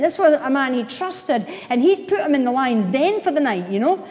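A woman's voice: sits high, sing-song, a little mellow. Woman preaching in a reverberant hall. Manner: emphatic, playful asides, slows down for emphasis. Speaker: pastor. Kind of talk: sermon.

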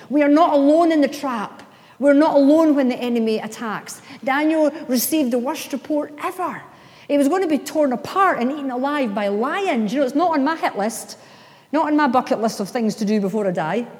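A woman's voice: high voice, dark tone. A woman pastor preaching a sermon in church, building to emphatic, impassioned declarations. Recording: long hall reverb.

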